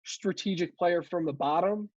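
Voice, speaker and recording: A man co-hosting a casual podcast, relaxed and quick to laugh. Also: sits high, crowd noise. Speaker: podcast co-host. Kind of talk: casual chat. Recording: dry, dull lo-fi mic.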